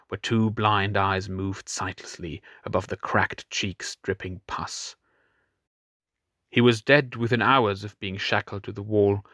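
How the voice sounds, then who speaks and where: Grave, low-voiced male audiobook narrator. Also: fairly bright tone, dry recording, studio quality. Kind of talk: scripted narration.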